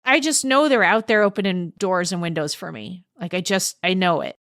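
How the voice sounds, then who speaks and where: Frank, low-voiced woman guest. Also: lively intonation, normal speed, fairly bright tone, no echo, studio quality. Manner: frank, swears freely, reflective. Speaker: podcast guest. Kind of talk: candid conversational chat.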